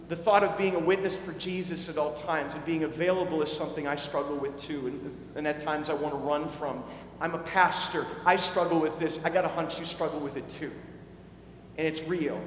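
A man's voice: fairly high pitch, fairly bright tone, slight background noise. Male pastor, conversational sermon storytelling; faint background ambience in a reverberant hall. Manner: conversational storytelling with frequent restarts.

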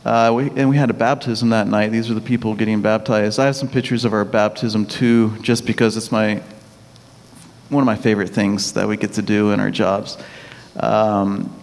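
A Texan-accented missionary pastor from Texas talks about his church work, his lowish voice showing little pitch movement. He halts, restarts many times, and laughs easily, all in a long hall reverb.

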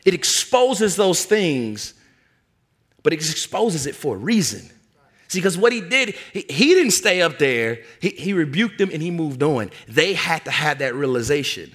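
A male preacher delivering a sermon with a bright, forceful voice set a little above the usual male pitch. He talks emphatically, in a conversational way, and tells stories as he preaches. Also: big pitch swings, measured pace.

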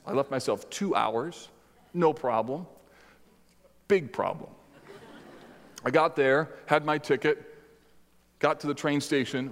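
Middle-aged male pastor preaching, echoing hall. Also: mid-range voice. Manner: animated storytelling with sudden loud exclamations. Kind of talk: sermon. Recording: long hall reverb.

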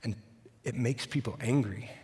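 A man's voice: mid-range voice, moderate pace, creaky, a little mellow. A man preaching a sermon, retelling a Bible story and acting out the quotes with dry humor. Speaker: pastor. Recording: long reverb of a large hall.

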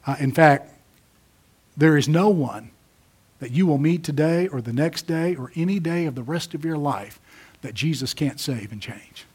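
A pastor delivers a sermon in a husky, slightly high-pitched voice. He builds to emphatic, forceful peaks, then sinks to low, quiet asides. The delivery is dramatic and expressive throughout. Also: moderate pace.

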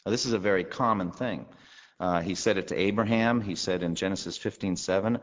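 A male pastor with a very low voice delivers a teaching sermon, talking through the text conversationally and tossing rhetorical questions to the congregation. His voice rings with a long hall reverb and comes through a dull, lo-fi recording. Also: a little fast.

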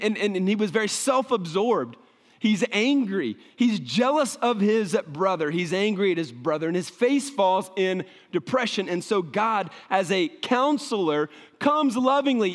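Male pastor, conversational sermon, high voice, echoing church sanctuary. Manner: conversational, asks "right?" often.

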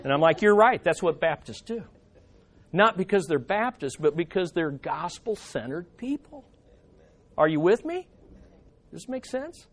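A man's voice: high voice, sing-song, unhurried, long pauses. A man preaching a sermon, emphatic, repeating phrases and asking the congregation questions. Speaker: pastor.

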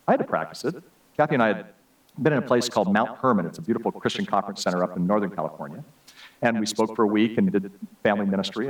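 A man's voice: fairly low pitch, far from the mic, low-quality recording. A man giving a sermon, telling humorous, self-deprecating personal stories. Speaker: speaker giving a message.

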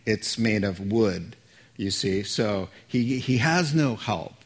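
A man's voice: fairly low pitch, lively intonation, slow pace, breathy edge. A man preaching a sermon as a pastor, conversational and joking with the congregation.

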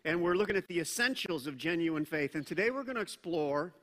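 Brightly voiced male pastor preaching in a hall. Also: fairly high pitch, lively intonation, brisk. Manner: conversational, joking asides, bursts of emphasis. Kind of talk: sermon.

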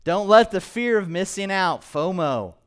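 Male pastor, sermon delivery, animated, quizzes the room, fairly high, resonant voice. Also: a little slow, smooth. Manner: animated, quizzes the congregation with questions. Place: church, in front of a congregation.

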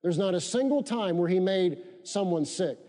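A man's voice: sits high, expressive, moderate pace, warm tone. A male pastor preaching a sermon, repeating key phrases for emphasis and leading his congregation in call-and-response. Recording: long reverb of a church hall.

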